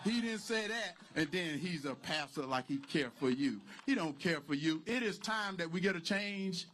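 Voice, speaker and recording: Man, campaign rally speech, preacher-like cadence, higher voice, outdoors. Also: animated, normal speed. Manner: preacher-like, building to shouts. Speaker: political candidate.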